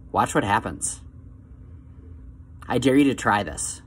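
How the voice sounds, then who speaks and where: A man giving calm, coaxing motivational advice straight to the viewer, slowing down on key phrases. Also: fairly low pitch, slight background noise. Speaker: self-help vlogger.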